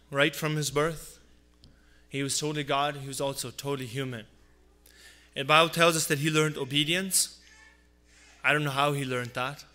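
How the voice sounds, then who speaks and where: A man preaching a Christmas sermon, earnest and repeating phrases for emphasis, dropping low on his asides. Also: pushed and bright. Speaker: pastor.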